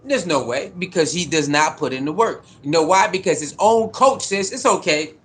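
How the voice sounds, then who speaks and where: A man's voice: fairly high pitch, normal speed, a bit bright. A man delivering a heated, profane sports commentary rant, repeating his points with mounting frustration. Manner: fired-up, profane, repetitive.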